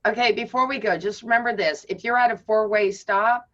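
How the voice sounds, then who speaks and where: A woman's voice: fairly high pitch, steady tone, a little fast, a bit bright. A Canadian woman chats and teases her friends during an online meeting. Her voice comes through a dull, lo-fi video call. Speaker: meeting participant. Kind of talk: casual video call chat. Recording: muffled lo-fi video call audio.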